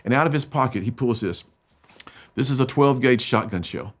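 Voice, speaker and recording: A middle-aged man speaks to students as a motivational speaker, telling an emotional story at a moderate pace. He swings between loud, emphatic bursts and hushed, low lines.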